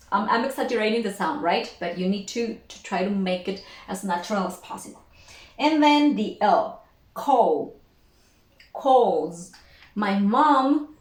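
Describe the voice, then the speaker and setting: A woman teaching English pronunciation, repeating each word and sound slowly and carefully. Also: medium pitch. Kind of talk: pronunciation lesson. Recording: echoey room, faint noise.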